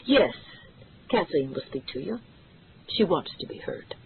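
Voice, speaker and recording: A reader voicing an older male cardinal who speaks in a measured, reassuring preacher's cadence, heard through tinny audio. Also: sits low, very animated, gravelly, a little hiss or hum, exaggerated voice. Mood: gracious. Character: warm, calm, worried older male cardinal.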